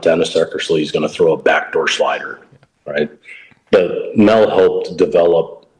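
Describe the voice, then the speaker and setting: Very deep-voiced man, plain-spoken coach. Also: darkish tone, rough recording. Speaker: pro baseball coach, guest. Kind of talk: casual interview talk.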